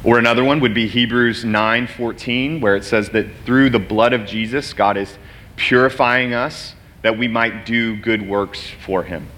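A man's voice: mid-range voice, steady tone, unhurried, a bit bright. A man giving a sermon as a guest preacher, earnest and personal, speaking openly about his own struggles. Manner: earnest, personal, emotional at times.

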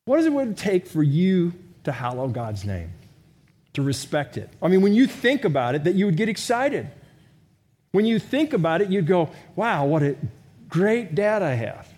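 A middle-aged male pastor with a notably high voice delivers his sermon like a chat with the congregation. He asks question after question and jokes at his own expense. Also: big pitch swings, normal speed, a little mellow. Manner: conversational, self-deprecating humor, rhetorical questions.

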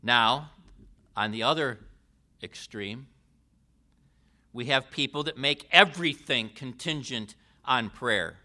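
A man preaching a sermon in a deliberate way, with emphatic rises and falls. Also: medium pitch, pushed and bright.

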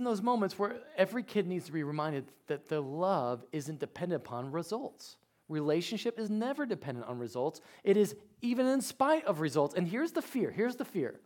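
A man, preaching a sermon with animated storytelling that swings from quiet to loud. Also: fairly high pitch, brisk. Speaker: pastor.

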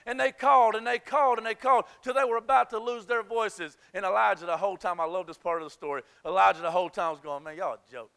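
A man's voice: sits high, fairly even intonation, fast, gravelly, hardly any pauses, bright, forceful tone, smooth. A man preaching a sermon, retelling a scripture story in an impassioned, emphatic, folksy way.

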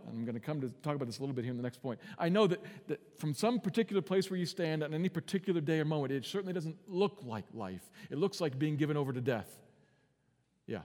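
A man preaching a sermon as pastor, earnest, swinging from quiet and slow to loud and urgent. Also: on the high side, expressive, in a large hall. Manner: earnest preaching with big swings in volume and pace.

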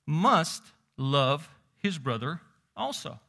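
A man preaching a sermon, moving between loud emphasis and hushed low asides, quoting scripture. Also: sing-song, slow, gravelly. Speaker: pastor.

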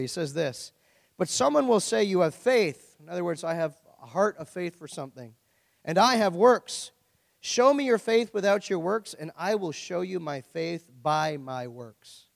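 In a church with a long, echoing hall, a middle-aged pastor delivers a sermon that feels conversational and playful, packed with rhetorical questions. His voice is high and carries vocal fry.

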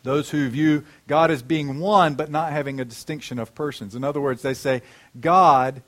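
A man preaching a sermon, asking the congregation questions and slowing down to stress key words. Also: fairly high pitch, steady tone, a bit bright.

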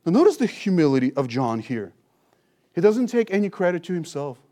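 A man's voice: fairly high pitch, big pitch swings, fairly quick, mellow. A man preaching an expository sermon, teaching with emphasis and rhetorical questions. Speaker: pastor.

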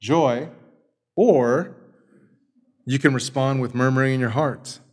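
A man, a father, preaching a sermon as pastor, asking rhetorical questions and swinging from forceful emphasis to hushed tenderness. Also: mid-range voice, slow, breathy edge.

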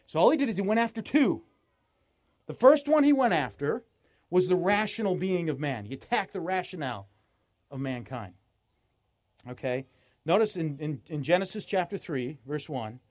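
A man preaching a sermon at a festival, animated and teasing, acting out quotes with a raised voice. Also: a little high.

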